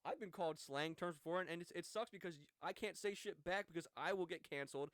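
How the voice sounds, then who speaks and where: A man's voice: a little high, fast, fairly bright tone, dry recording. A young American man in his twenties, co-hosting a casual podcast chat. He rambles, restarting his sentences and filling gaps with fillers. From United States. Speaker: podcast co-host.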